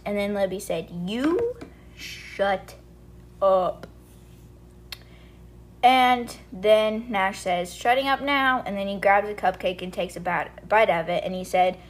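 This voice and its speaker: A young woman hosting a book podcast, casually retelling chapters and reading quoted lines aloud, with lots of fillers like "like" and "and then she's like". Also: medium pitch. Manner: chatty, filler-heavy retelling with quoted dialogue.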